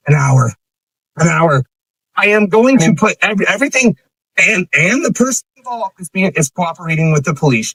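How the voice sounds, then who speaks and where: Angry streamer, high voice, heated and profane, dry close mic. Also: male voice, a bit bright, no echo, poor audio. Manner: heated, profane, repeating himself. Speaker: livestream host. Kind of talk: angry livestream rant.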